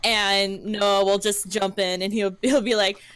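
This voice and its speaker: Woman game streamer, tipsy and giggly, bright voice, dry close sound. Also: medium pitch, level tone, unhurried, clear, resonant tone, no echo. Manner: rambling, giggly. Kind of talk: casual chat while gaming.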